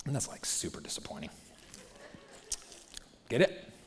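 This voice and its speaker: A man preaching a sermon as a pastor, moving from hushed, gentle passages to loud, animated ones. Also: fairly low pitch, a little slow, a little hiss or hum. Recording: long hall reverb.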